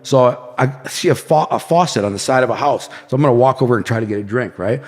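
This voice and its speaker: A man from the Detroit area, a podcast guest, telling an intense story in a fast, casual way, often saying bro and man. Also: mid-range voice, darkish tone, in a large hall. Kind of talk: animated storytelling.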